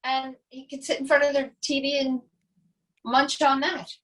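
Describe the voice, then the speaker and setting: Brief: middle-aged woman, high voice, relaxed, talks through her cooking, heard a little off mic. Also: moderate pace, recorded from a distance, poor audio. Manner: relaxed, explains step by step with many asides. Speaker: guest. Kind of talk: casual cooking demo chat.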